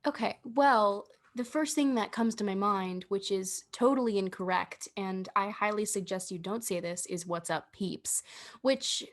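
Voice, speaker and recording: Young female co-host, deadpan teasing, natural mid voice, casual chat. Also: mid-range voice, normal speed, few pauses. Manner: dry, teasing, advising. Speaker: podcast co-host.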